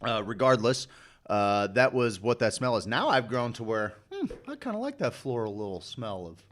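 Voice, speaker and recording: A man in casual podcast chat, swearing freely and talking with dramatic, rough-edged humor. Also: mid-range voice, sing-song, moderate pace, fairly bright tone. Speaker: podcast co-host.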